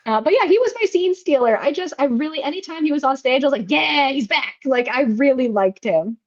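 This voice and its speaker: A woman's voice: high-pitched, expressive, fast, a little mellow. Chatty woman, slightly muffled sound. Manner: chatty, many fillers and restarts. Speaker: podcast co-host. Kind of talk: casual chat recapping a film.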